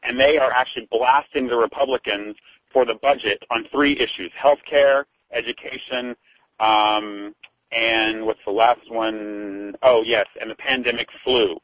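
A man's voice: medium pitch, steady tone, unhurried, no echo. A man from Texas, a political correspondent chatting on a radio talk show and leaning on "you know". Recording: tinny phone line.

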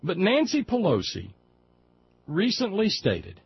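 Folksy talk radio host, lively pitch. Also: male voice, takes it slowly, husky. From West Virginia. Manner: folksy, digressive, impassioned. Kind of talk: political talk radio monologue. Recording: dull lo-fi audio with faint background noise.

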